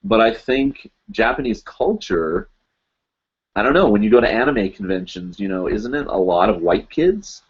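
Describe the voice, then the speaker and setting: A man's voice: on the low side, big pitch swings, normal speed, breathy edge, dull audio. A man hosting a casual live stream, answering viewer questions and reading comments aloud in a rambling, easygoing way.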